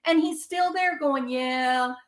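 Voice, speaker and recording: Woman commentary host, mid-pitched voice, indignant, emphatic delivery with rhetorical asides. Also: lively intonation, a little slow, a bit bright. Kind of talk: opinionated commentary.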